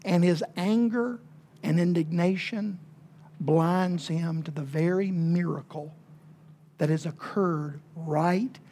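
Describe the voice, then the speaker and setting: A woman preacher, giving a sermon with folksy humor and dramatic swings between hushed and loud emphasis. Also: lowish voice, takes it slowly, a little hiss or hum. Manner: folksy and humorous, with playful asides.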